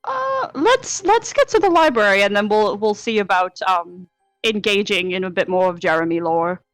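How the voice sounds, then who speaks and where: A woman's voice: mid-range voice, expressive, moderate pace, no room sound, faint music behind, poor audio. A woman playing a tabletop game, talking hesitantly with many fillers. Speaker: player. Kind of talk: casual tabletop play.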